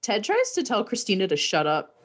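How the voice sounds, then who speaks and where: A woman's voice: medium pitch, huge pitch swings, fairly quick. A woman in casual chat, recapping a movie, laughing and quoting the characters.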